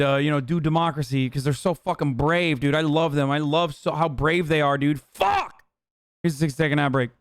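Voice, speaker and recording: Male streamer, 30s, high smooth voice, dry close sound, sarcastic and profane. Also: no room sound. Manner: animated, profane, sarcastic banter. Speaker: streamer host. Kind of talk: casual reaction commentary.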